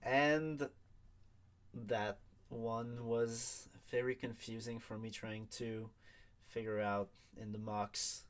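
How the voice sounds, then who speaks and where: A man's voice: mid-range voice, little pitch movement, slow pace. A man hosting a casual draft show, talking with many hesitations and fillers.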